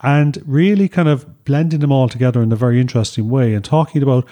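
A man's voice: medium pitch, fast talker, mellow. Male co-host, casual and chatty, recorded outdoors on a beach. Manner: chatty, addresses listeners as folks. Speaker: travel show co-host. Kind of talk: casual travel chat.

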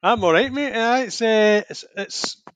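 A man's voice: high-pitched, a little slow, fairly bright tone, no room sound. A man co-hosting a podcast, chatting in an easygoing, chummy way. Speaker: podcast co-host. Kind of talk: casual chat.

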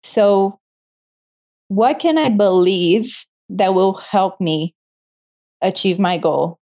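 A woman's voice: medium pitch, slow pace, warm tone. A young woman guest and medical student telling her story in a casual interview, laughing often. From moved to Canada. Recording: muffled lo-fi audio.

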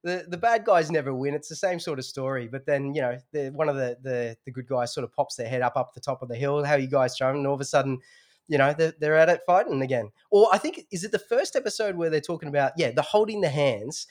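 Man rambling in casual podcast chat. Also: on the high side. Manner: rambling, halting, many restarts. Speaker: podcast co-host.

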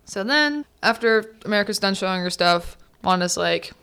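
A woman's voice: mid-range voice, animated, normal speed, hardly any pauses, fairly bright tone, smooth. A young woman hosting a student podcast, chatting casually and laughing as she recaps a film and acts out the characters' lines. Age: young adult. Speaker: podcast host.

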